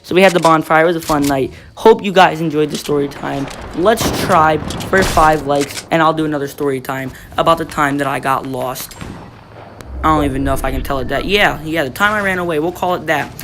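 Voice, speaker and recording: A man's voice: on the high side, brisk, noisy background. Rambling teen boy, gunfire behind. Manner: rambling, full of "like" and restarts. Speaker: YouTuber telling a story. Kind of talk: casual story time.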